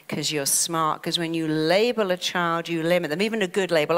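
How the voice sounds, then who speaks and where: A middle-aged woman teaches a motivational lesson, her voice carrying a long reverb as if spoken in a large hall. She talks briskly and animatedly, switching into quick, panicky voices to act out what an anxious mind says. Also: on the low side, clean tone. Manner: lively, acts out panicked inner voices. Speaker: therapist and speaker. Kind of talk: motivational talk.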